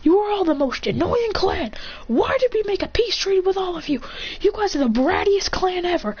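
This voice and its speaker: A woman voicing a hot-tempered young male ninja in a shouting rant, stumbling over words, on a slightly muffled recording. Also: mid-range voice, slow, husky. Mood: furious. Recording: slightly muffled, faint hiss.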